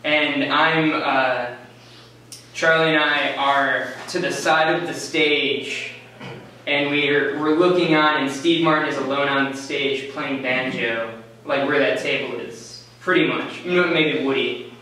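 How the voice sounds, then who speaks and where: A man in his twenties tells a rambling story on stage in a slow, unhurried way, his voice bright and forward, dotted with "like" and "uh" and chuckles at himself. It is caught from a distance in a very echoey room, with faint ambience behind him. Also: medium pitch, fairly even intonation, a little hiss or hum. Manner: casual, rambling, full of "like" and "uh", laughing at his own story. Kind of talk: live story slam storytelling. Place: small event venue, on stage.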